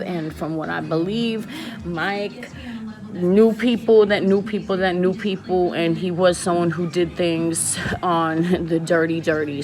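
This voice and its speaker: A woman, speaking straight to her viewers in a casual, confessional storytelling vlog, emphatic and repeating herself for weight. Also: fairly low pitch. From the Bronx, New York. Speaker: vlogger.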